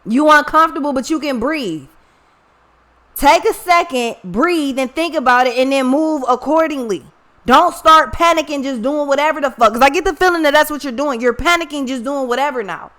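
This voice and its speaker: A woman's voice: high voice, normal speed, a bit bright. A woman talking straight to her viewers in a blunt, profane, scolding style as a card reader, mixing in a personal story. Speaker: tarot reader. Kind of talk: blunt casual monologue to viewers.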